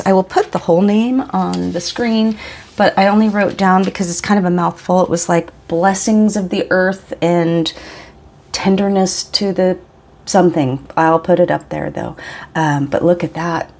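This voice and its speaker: A woman's voice: lowish voice, steady tone, a little slow, a little mellow. A woman in her forties chatting casually and rambling a little as she tries out inks for her vlog. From Pacific Northwest of the US. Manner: chatty, rambling, self-interrupting. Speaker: vlogger. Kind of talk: casual chat while swatching inks.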